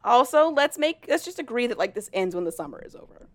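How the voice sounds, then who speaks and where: A woman's voice: medium pitch, very fast. A young adult woman, a married podcast co-host, retelling a story in casual chat and acting out the characters' lines. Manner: animated, acts out characters' lines with swearing and laughter.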